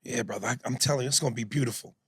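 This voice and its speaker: A man co-hosting a podcast in casual, profane chat, swinging into loud indignant rants. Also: mid-range voice, racing, husky, no echo, studio quality. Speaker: podcast co-host.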